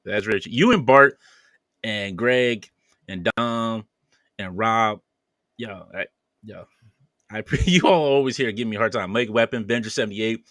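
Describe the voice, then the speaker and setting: A man's voice: lowish voice, normal speed, a bit bright, dry recording, clean studio sound. A man hosting a podcast, casually reading viewer comments aloud with playful banter and frequent laughter. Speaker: podcast host.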